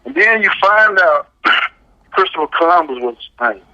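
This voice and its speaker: A man's voice: on the high side, animated, moderate pace, bright, forceful tone, highs cut off, a little hiss or hum. A man speaking, giving a casual radio talk as a guest and pressing his points with a frequent "right?". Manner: emphatic, asks "right?" often.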